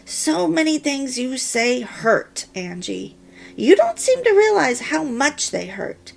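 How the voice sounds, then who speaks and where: A woman reading the part of a hurt husband who speaks hesitantly and haltingly. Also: sits high, sing-song, gravelly, pitched above the performer's own voice, heavily acted. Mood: hurt, earnest. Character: remorseful husband, a working man.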